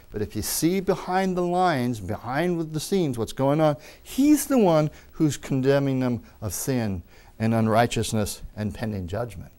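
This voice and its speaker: A male preacher delivering a teaching sermon in an ordinary middle-pitched voice. He preaches emphatically and calls out amen with enthusiasm. Wry little asides and jokes slip in between points. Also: darkish tone.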